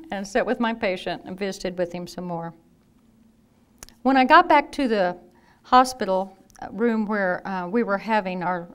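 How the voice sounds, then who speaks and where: A woman in her fifties, a nurse telling lively anecdotes in a talk and acting out the people she quotes. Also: medium pitch. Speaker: nurse and speaker. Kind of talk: storytelling talk.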